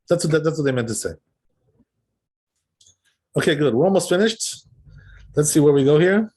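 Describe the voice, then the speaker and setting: A man's voice: on the high side, expressive, moderate pace, pauses often, a little mellow, slightly rough. A man teaching a text class as a rabbi. He reads passages aloud and explains them in an easygoing way, often checking in with the listeners. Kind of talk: text study lesson, reading and translating.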